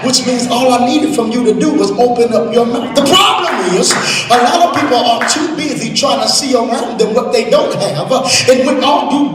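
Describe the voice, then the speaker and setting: Male pastor, very high voice, preaching that swells into song-like shouts, faint organ behind. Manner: preaching with shouted, sung climaxes and drawn-out words. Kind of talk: sermon. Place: church sanctuary. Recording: echoey church hall from far off.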